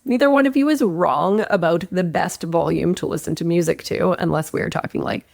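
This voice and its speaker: Young woman coach giving relationship advice, kinda low voice but really expressive and emphatic, dry close mic. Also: brisk, gravelly, hardly any pauses, no room sound. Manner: expressive and emphatic, with frequent upward swings and a few laughs. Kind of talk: direct-to-camera relationship advice talk.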